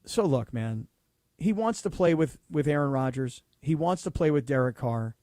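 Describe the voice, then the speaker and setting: A man co-hosting a sports talk radio show, animated and sarcastic, who slips into mocking impressions of players. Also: medium pitch, normal speed, dry recording, clean studio sound.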